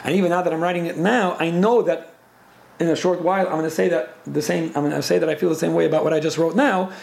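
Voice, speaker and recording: Fast, gravelly-voiced man teaching a Torah class. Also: fairly high pitch, fairly even intonation, a little mellow. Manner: fast, repeats and restarts words. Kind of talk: Torah class with listener questions. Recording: echoey room with faint ambience.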